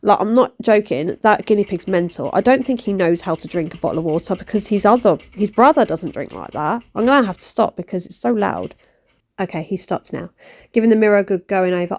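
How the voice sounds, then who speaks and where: A woman, rambling and poking fun at herself in a cleaning vlog voice-over. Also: mid-range voice. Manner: rambling, self-mocking, animated. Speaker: vlogger. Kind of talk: chatty voice-over while cleaning.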